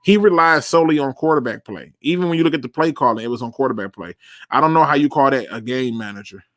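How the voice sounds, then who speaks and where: A man's voice: medium pitch, fast talker, a bit bright, dry recording, clean studio sound. A young man hosting a live sports talk show, bluntly answering chat questions and repeating words for emphasis.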